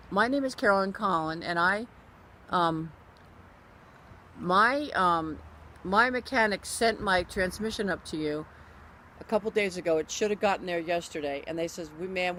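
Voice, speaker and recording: A woman recounting a personal story in a relaxed, conversational way. She stays animated and acts out what others said as she goes. She often breaks off and restarts her sentences mid-thought. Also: fairly low pitch, normal speed, a little hiss or hum. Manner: animated, acts out other people's quoted lines; frequent restarts and self-corrections. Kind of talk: casual spoken anecdote.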